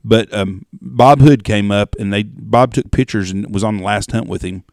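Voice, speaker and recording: A man's voice: lowish voice, normal speed, vocal fry, darkish tone, no room sound, clean studio sound. A man hosting a podcast, chatting casually and asking his guest leading questions in a folksy way. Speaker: podcast host. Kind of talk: casual interview chat.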